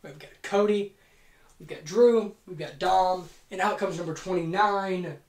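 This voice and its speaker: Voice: medium pitch, unhurried. A host casually narrating an imagined wrestling event, rambling, joking and swearing freely. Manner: rambling, joking, profane, self-deprecating. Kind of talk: casual fantasy booking narration. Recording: roomy echo.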